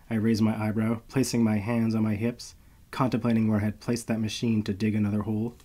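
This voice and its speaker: A man narrating a first-person story in a steady, measured reading voice. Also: on the low side, husky.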